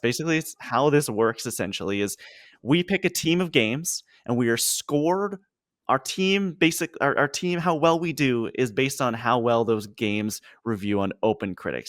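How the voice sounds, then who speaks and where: A man's voice: mid-range voice, a bit bright, no room sound, clean studio sound. A man hosting a gaming podcast with friends, introducing guests in a playful, upbeat way. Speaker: podcast host. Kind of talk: casual podcast chat.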